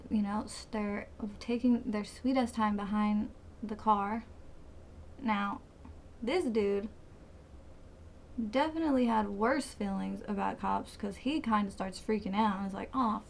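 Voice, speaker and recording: A woman's voice: fairly high pitch, a little hiss or hum. Profane young woman telling a dramatic story. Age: 20s. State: sweating, hot. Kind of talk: casual storytime vlog. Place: hot room.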